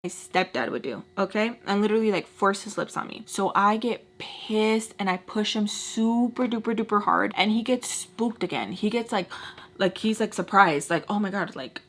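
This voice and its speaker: A woman chats straight to her viewers in a relaxed storytime, swearing often and slipping into quick voices for the people she describes. Her delivery is expressive and unscripted, with fillers and restarts. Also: mid-range voice. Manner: expressive, swears freely, acts out scenes with quoted voices. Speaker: storytime vlogger. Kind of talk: casual storytelling to camera.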